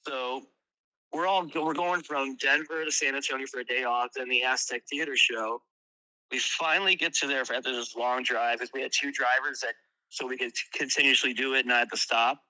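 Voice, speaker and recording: A man who is a guest musician, telling tour stories in a casual interview, animated and swearing freely. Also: medium pitch, brisk, rough recording.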